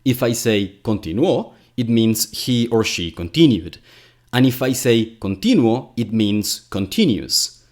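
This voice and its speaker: A man's voice: on the low side, unhurried, darkish tone. A man whose first language is Spanish, hosting a scripted commentary with a wry, exasperated manner. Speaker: commentary video host.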